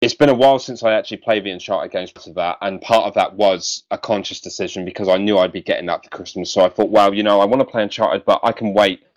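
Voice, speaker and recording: A man with a lowish voice hosts a casual podcast. He talks in a hesitant way, with many ums and restarts. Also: fast, hardly any pauses, muffled recording. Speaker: podcast host.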